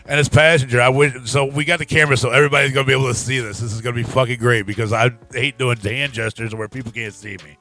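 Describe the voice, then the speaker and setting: A man's voice: medium pitch, fairly even intonation, fast, hardly any pauses, bright, forceful tone, faint music behind. A man hosting a live talk show, telling a profane story in casual chat and laughing often. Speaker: podcast host.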